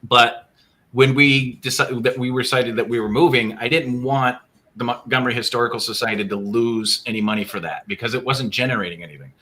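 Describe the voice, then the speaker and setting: A man with a bright, mid-pitched voice tells stories from his paranormal investigations in relaxed podcast talk. He jumps in with quick asides and keeps it conversational. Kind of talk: casual podcast chat.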